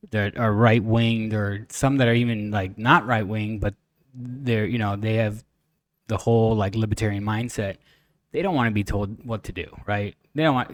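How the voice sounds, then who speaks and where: A man's voice: fairly low pitch, dry recording. Dry-sounding man telling stories. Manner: animated storyteller, mimics others in raised voice. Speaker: podcast co-host. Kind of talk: casual chat.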